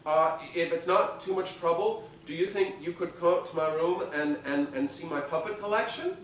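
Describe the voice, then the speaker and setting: A polite, nervous ten-year-old boy, as a grown man acts him out, stammering over his words. He speaks softly, and the voice is heard from a distance in an echoey theater. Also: on the high side, moderate pace, a little hiss or hum, natural voice.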